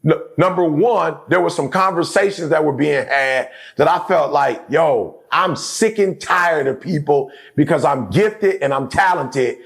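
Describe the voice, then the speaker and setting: A man's voice: a little high, a little slow, creaky, hardly any pauses, fairly bright tone. A middle-aged man speaking emphatically as a guest in a casual conversation. He repeats his points and keeps checking in with his listener. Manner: emphatic, repeats phrases, keeps asking "you know what I'm saying".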